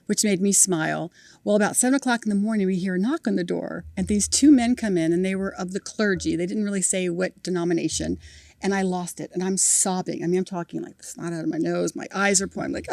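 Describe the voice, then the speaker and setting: A middle-aged woman, a podcast guest telling lively family stories and acting out the people in them. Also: fairly low pitch, quick pace, vocal fry, no echo. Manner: animated storyteller, acting out voices with laughter. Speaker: podcast guest, mother of a cancer patient. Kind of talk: storytelling in an interview.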